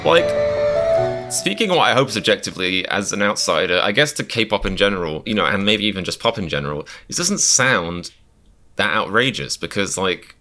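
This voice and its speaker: A man's voice: fairly low pitch, lively intonation, normal speed, bright, forceful tone, soft background music. A man giving casual reaction commentary as a comedian, chatty and wry, with lots of fillers and self-mocking asides.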